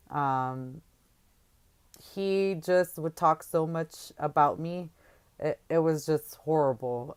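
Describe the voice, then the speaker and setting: A woman with a low, clear, smooth voice tells her own story in a halting, conversational way. She pauses often on fillers and restarts her sentences. When she quotes others, her voice rises and gets louder. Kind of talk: candid personal testimony.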